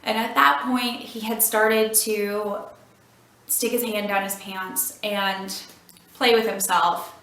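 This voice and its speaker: A woman recounting a personal story with halting restarts. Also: medium pitch, fairly even intonation, a bit bright, a little hiss or hum. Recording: echoey, distant from the mic.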